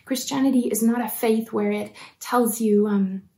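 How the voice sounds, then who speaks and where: A woman delivers a sermon with an earnest, encouraging warmth. Her voice sits a little high but sounds mellow, and she often softens to a near-whisper for emphasis. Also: fairly even intonation, moderate pace. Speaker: preacher.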